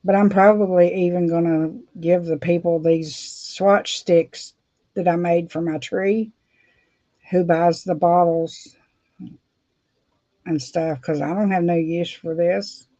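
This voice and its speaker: A middle-aged beauty vlogger chats casually and rambles, laughing often, while doing her nails for a vlog. Her voice is fairly low, slow, mellow, and steady, with a dull, dry, lo-fi recording sound.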